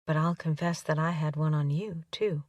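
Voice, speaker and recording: A woman's voice: deep voice, fairly even intonation, moderate pace, a little mellow, no room sound, far from the mic. A woman narrator voicing a breathless young lover. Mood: intimate.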